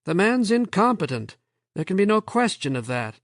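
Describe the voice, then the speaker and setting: A man voicing a weary, stubborn male professor who speaks quietly but firmly. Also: sits high, big pitch swings, moderate pace, no room sound, studio quality, pitched above the performer's own voice. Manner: tired, quiet, firm.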